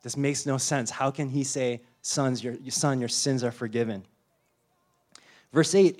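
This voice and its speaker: A young man giving a sermon in an easygoing, conversational way. He tells the story with lots of energy and slips into little acted-out voices. His voice sits at an ordinary middle pitch. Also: unhurried. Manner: animated storytelling, acts out voices, frequent "you know" and "like". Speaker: pastor.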